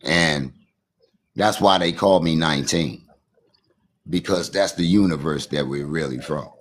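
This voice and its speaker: A man's voice: a bass voice, a little slow. A man with a Washington, D.C. accent, a caller giving a rambling spiritual monologue over a remote call, preachy and repetitive. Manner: preachy, repetitive, says "you understand" often.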